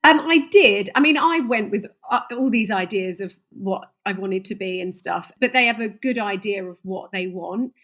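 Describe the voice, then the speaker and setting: A woman's voice: mid-range voice, moderate pace, hardly any pauses, fairly bright tone. A woman chatting as a podcast guest, self-deprecating and laughing as she tells her stories. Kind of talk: casual chat.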